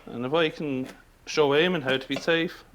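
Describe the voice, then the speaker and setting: A man's voice: fairly high pitch, fairly even intonation, moderate pace, a bit bright, highs cut off. Irish male farmer, earnest and plain, faint noise behind. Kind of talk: documentary interview.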